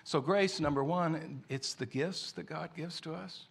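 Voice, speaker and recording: A man's voice: a little high, measured pace, gravelly, husky. A man preaching a sermon, telling a story in a conversational way.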